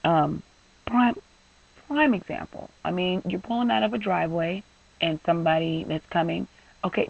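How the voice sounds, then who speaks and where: A man's voice: on the high side, vocal fry, recorded from a distance, lo-fi sound. A young man venting in a vlog, rambling and exasperated with lots of fillers. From San Francisco Bay Area. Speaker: vlogger.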